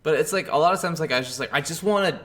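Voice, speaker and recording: A man's voice: fairly high pitch, very fast, a bit bright. A man co-hosting a gaming podcast, casually retelling game scenes and acting out the characters' lines. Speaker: podcast co-host. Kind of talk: casual chat.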